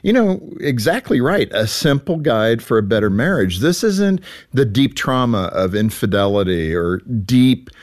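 A man hosting an interview show, chatty and quick to laugh as he frames questions for his guest. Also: medium pitch, very animated. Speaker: radio show host.

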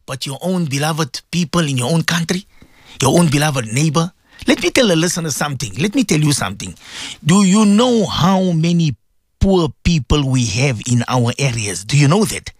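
A man's voice: on the high side, expressive, normal speed, dry recording, clean studio sound. A South African man presenting a religious radio show, preaching fervently to his listeners and repeating his points. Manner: fervent, repetitive, exhorting. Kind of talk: impassioned radio sermon.

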